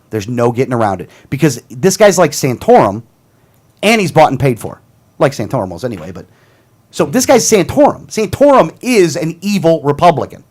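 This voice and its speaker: A man hosting a talk show vents in a heated, combative rant, circling back to his points again and again. His voice sits somewhat high for a man and swings widely up and down as he argues. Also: sing-song, moderate pace, darkish tone. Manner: heated, combative, repeats himself. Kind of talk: casual political rant.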